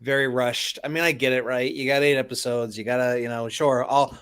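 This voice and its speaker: A man talks on a podcast in an everyday mid-pitched voice. He is measured and mildly critical. His delivery is relaxed and conversational. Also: clear, resonant tone. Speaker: podcast co-host. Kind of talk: casual chat.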